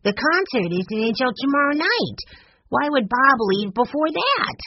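A woman reading a storybook and voicing an eager, curious young boy who asks quick questions. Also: high voice, big pitch swings, dull audio, a little hiss or hum, voice pushed up, full character voice.

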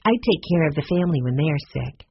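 A narrator voicing Violet, a gentle, kind young girl who speaks pleasantly, in a storybook. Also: mid-range voice, expressive, fast talker, slightly rough, muffled recording.

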